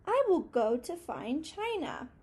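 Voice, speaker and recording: An eager young explorer mouse from a storybook, as a woman reading aloud puts him on. He exclaims at everything in a high, squeaky voice that leaps around with excitement. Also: slow pace, full character voice.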